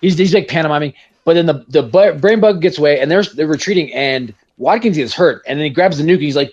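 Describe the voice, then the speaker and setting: A young man on a podcast, talking casually and swearing freely. His voice sits a bit high and swings widely as he acts out scenes and shouts lines from the film. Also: quick pace, husky, muffled recording. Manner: swearing, animated retelling of movie scenes. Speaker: podcast co-host. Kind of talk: casual chat.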